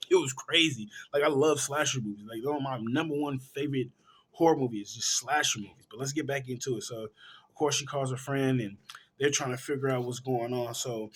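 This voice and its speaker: A man reviewing a film, retelling the plot in a casual, animated way and correcting himself as he goes. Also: mid-range voice, breathy edge. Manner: animated storytelling, correcting himself mid-sentence. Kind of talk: casual movie plot recap.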